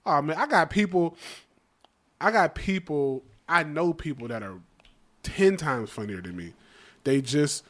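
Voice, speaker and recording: A man's voice: on the high side, expressive, measured pace, pauses often, fairly bright tone. A man, a comedian and podcast co-host, talking in loose, profane street slang with emphatic banter.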